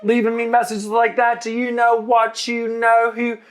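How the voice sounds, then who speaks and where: A woman's voice: on the high side, monotone, normal speed, pitched above the performer's own voice, lightly acted. A man mimicking a furious woman, swearing back at a caller. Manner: shouting, swearing.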